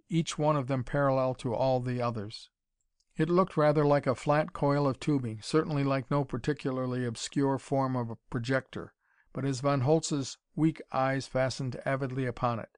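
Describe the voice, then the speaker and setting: A man reading a story aloud in a steady, measured narration. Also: medium pitch, clear, resonant tone, no room sound, studio quality. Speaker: audiobook reader. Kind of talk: scripted narration.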